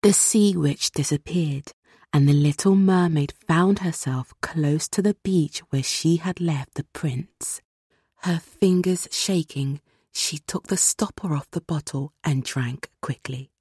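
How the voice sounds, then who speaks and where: A woman narrating a children's storybook read-along in a measured, expressive way. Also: sits low, breathy edge, no room sound, clean studio sound.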